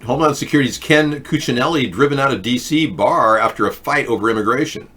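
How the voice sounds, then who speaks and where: Bright-toned sarcastic male talk host. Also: medium pitch, quick pace, slightly rough. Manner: sarcastic, reads headlines aloud then mocks them. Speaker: political talk show host. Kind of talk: casual political commentary.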